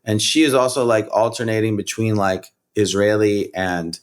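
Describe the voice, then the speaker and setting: A middle-aged American rapper and comedian tells stories as a podcast guest, his lowish voice clean and moderately paced. He rambles animatedly, leaning hard on "like" and "you know" throughout the casual interview.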